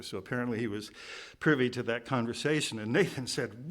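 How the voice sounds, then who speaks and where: A man's voice: mid-range voice, moderate pace, fairly bright tone. A man giving a sermon in a church, reading scripture and breaking in with informal, joking asides. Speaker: preacher. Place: church sanctuary.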